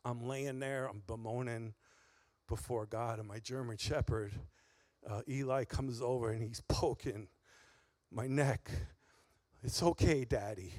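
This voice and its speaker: Delivering a sermon, this man speaks with a medium-pitched, darkish voice, fairly even intonation, and a slightly slow pace. He is earnest and emphatic, repeating key phrases again and again for weight, with no room sound in the recording.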